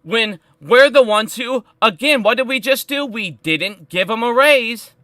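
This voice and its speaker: High, bright-voiced ranting male streamer. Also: expressive, unhurried, no room sound. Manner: heated, profane and emphatic. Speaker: stock market live streamer. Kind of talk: live stream rant.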